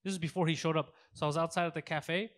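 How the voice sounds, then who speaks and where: A man in a casual podcast chat, telling crude, animated stories and acting out the people in them. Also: on the high side, rapid-fire.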